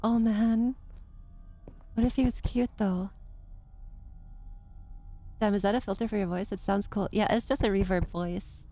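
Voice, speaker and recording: Woman streamer, mid-pitched, jumpy and profane, reverb on her voice. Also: fairly even intonation, measured pace, long pauses, dark tone, faint music behind. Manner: jumpy, gasping, swearing, chatty with chat. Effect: reverb filter. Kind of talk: live gameplay commentary.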